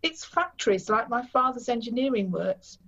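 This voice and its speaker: A woman's voice: on the high side, expressive, normal speed, a bit bright, voice pushed up. A woman reading the part of a young German baker, earnest and sorrowful, in a dull recording. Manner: pleading, sad.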